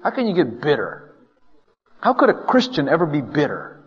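Husky-voiced preacher in a reverberant hall. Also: male voice, a little high, moderate pace. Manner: animated, acts out complaints in first person, chuckles often. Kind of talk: conversational sermon. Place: church hall with a congregation. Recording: dull lo-fi sound with long hall reverb.

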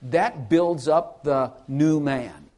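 A man's voice: fairly high pitch, extremely slow, a little mellow. A man preaching a sermon in an earnest, conversational way, asking his listeners questions and often repeating and restarting his phrases. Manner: repeats and restarts phrases, varies volume widely.

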